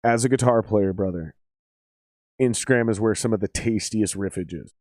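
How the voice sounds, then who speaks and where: Blunt swearing podcast host. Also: male voice, lowish voice, moderate pace, a little mellow, dry recording, clean studio sound. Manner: blunt, profane, joking. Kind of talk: casual chat.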